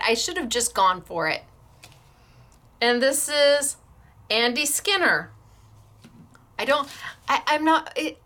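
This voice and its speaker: Female craft host, high bright voice, effusive and stammering with excitement. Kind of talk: excited show-and-tell of craft samples.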